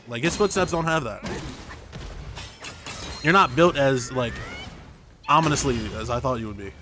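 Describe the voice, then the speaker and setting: A young man commentating over a game stream in an easygoing, rambling way, hopping from joke to joke. His voice sits at a middle pitch with a bright, forward edge. He talks close to his streaming microphone. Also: very animated, a little fast, long pauses, slight background noise. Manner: rambling, jokey, tangent-prone. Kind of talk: casual gaming commentary.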